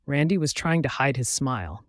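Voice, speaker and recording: Man, story narrator, first-person reading, steady even pace, mid pitch, dry close sound. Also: moderate pace, no echo.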